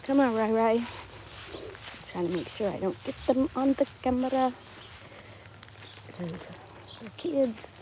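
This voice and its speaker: A woman's voice: fairly high pitch, a little slow, pauses often, dark tone, a little hiss or hum. A woman chatting casually as she walks her dogs on a neighborhood street, recording herself on a handheld phone. She rambles, calls to the dogs and laughs often. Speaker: dog-walking vlogger. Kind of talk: casual live walk-and-talk.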